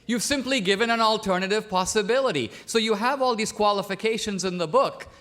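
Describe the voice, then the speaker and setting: A man from India arguing a point in a formal debate, measured and pointed, pressing his opponent with questions. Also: high voice, fairly bright tone. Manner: measured, pointed, cross-examining. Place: debate stage in a large hall.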